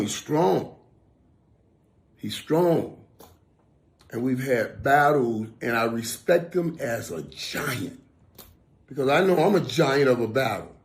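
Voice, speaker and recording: A former football player talking casually and from the heart. He often repeats phrases to stress them. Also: mid-range voice. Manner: emphatic, repeats phrases for weight.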